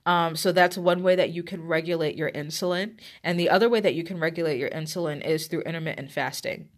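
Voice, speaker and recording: A woman's voice: sits low, fast talker. A woman with a stuffy, congested nose giving casual health advice to her viewers, chatty and direct, with lots of fillers and restarts. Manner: direct, addresses viewers as guys and ladies. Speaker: health coach. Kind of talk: casual advice talk to camera.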